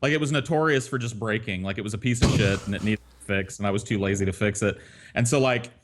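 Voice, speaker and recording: A man's voice: on the low side, quick pace, noisy background. A man co-hosting a podcast, telling a crude story in a loose, profane, laughing way. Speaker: podcast co-host.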